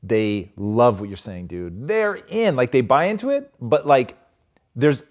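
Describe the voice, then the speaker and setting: A man hosting an interview, asking curious questions in a relaxed, casual way with slangy words. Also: mid-range voice, measured pace, highs cut off. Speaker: interview host.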